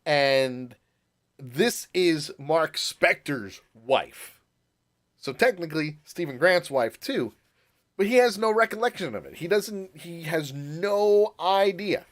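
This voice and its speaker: Animated higher-voiced man recapping a show. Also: slow pace. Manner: animated, laughing, puts on voices when quoting. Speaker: podcast co-host. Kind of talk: casual recap chat.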